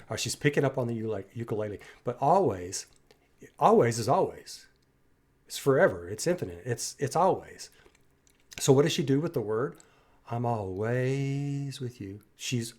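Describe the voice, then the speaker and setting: A man's voice: medium pitch, darkish tone, breathy edge. A man hosting a music reaction video, breaking down a singer's performance in an enthusiastic, admiring way that rambles with restarts. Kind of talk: music analysis commentary.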